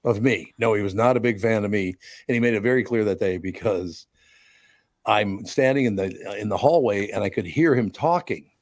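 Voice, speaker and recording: A man's voice: fairly low pitch, normal speed, no echo. A man hosting a radio show, trading wisecracking, self-mocking banter with his co-hosts.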